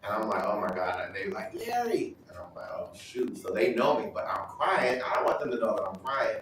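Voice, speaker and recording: A man sharing a personal testimony at a Bible study, telling his story in an animated way and acting out other people's voices. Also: lowish voice, brisk, very echoey, recorded from a distance, a little hiss or hum, low-quality recording. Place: church hall.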